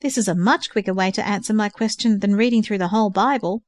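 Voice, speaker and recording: A woman's voice: medium pitch, quick pace, no echo, clean studio sound, natural voice. Eager curious woman student, read by a narrator. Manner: eager, wondering.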